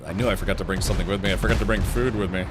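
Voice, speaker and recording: A man hosting a casual gameplay livestream, chatting in a lively way with quick asides as he plays. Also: low voice. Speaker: streamer. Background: game music.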